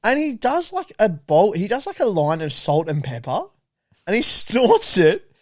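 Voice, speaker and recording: A man's voice: high-pitched, unhurried, no room sound. A young Australian man co-hosting a casual podcast, his voice leaping up and down as he tells a prank story. He laughs through his lines and swears freely, with "like" in nearly every phrase. The mic sits close in a dry room. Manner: animated, laughing, heavy swearing and filler "like". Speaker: podcast co-host.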